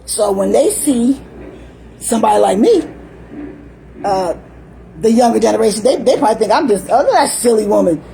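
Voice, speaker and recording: A woman's voice: fairly high pitch, animated, moderate pace, gravelly, long pauses, mellow, a little hiss or hum, low-quality recording. An older woman talking in a rambling, chatty monologue, often laughing and acting out little voices. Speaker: vlogger.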